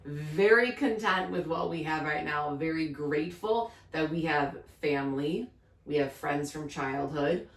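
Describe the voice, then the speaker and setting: A deep-voiced woman co-hosts a casual podcast at a measured pace, sounding reverberant and recorded from a distance. She tells stories chattily, acting out the quotes with laughter.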